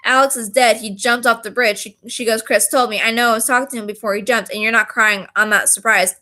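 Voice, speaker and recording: Woman, bright high voice, profane casual story vlog. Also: steady tone, fast talker. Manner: angry, profane, reads messages aloud. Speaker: storyteller vlogger. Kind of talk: casual storytelling, recounting a text-message fight.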